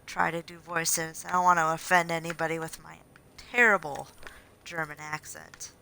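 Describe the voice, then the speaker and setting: A woman in her twenties streaming a first playthrough of a game, chatting casually and muttering quietly to herself. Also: low voice, fairly even intonation, normal speed, creaky, rough recording. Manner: soft-spoken, muttering to herself. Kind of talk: casual gameplay commentary.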